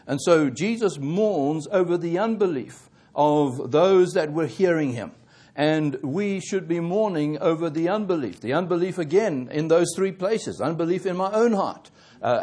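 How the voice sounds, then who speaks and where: A man preaching a sermon, halting and correcting himself often, growing more emphatic as he presses his points. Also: a little high, a little mellow. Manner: halting, with many fillers and self-corrections.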